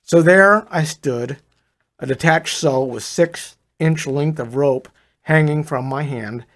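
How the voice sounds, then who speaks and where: A man's voice: a little high, takes it slowly, a bit bright. An older man reading his own first-person story aloud in a confiding tone, speaking straight to the listener as "brother".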